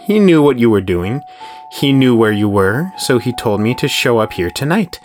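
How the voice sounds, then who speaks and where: A man voicing a possessed, murderous man bound to a demon, speaking with slow, gloating menace. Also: mid-range voice, very animated, faint music behind, voice pushed up, natural voice. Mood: menacing. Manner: slow, gloating menace with raised, strained outbursts.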